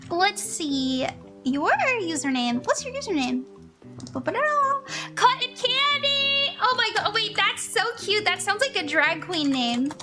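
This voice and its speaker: Very animated and very high-voiced, a young woman reads tarot cards on a livestream at a moderate pace. She gushes, gets emotional, and laughs frequently while chatting with her viewers, faint music behind her.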